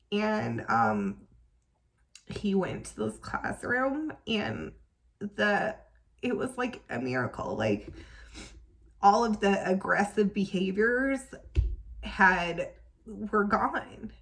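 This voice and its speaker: A woman's voice: mid-range voice, very animated, slow pace, vocal fry, a bit bright. A young woman telling a personal story as a parent vlogger, emotional and full of "um" and "like" fillers. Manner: emotional, tearful at times, many fillers like "um" and "like".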